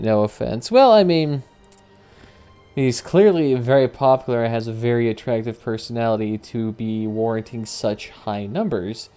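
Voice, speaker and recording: A man's voice: mid-range voice, dark tone. A man streaming and giving casual, wry commentary that rambles and corrects itself as it goes. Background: faint background music.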